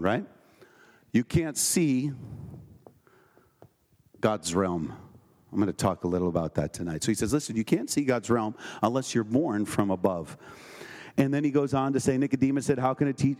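A male preacher working through scripture in an evening sermon at a medium pitch. He reads verses aloud and breaks off to ask the congregation quick questions. His delivery is conversational and emphatic. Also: mellow.

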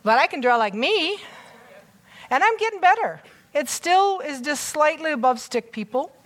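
A woman preaches in a loose, conversational way, her voice sitting a little high. She is chatty and excitable, breaking off into self-mocking asides as she talks to her listeners. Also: normal speed. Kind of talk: conversational sermon.

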